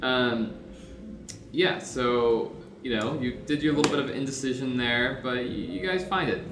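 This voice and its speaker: A man's voice: medium pitch, measured pace. Young man, game master, casual recap, laughing, roomy room, background hiss. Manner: casual, laughing, filler-heavy. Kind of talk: recapping a tabletop game session.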